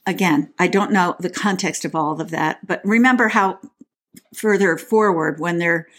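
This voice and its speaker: Her voice sits on the low side with a slightly bright quality and a moderate pace. As a podcast co-host, she talks in a chatty, playful way, reads scripture aloud, and keeps restarting her lines.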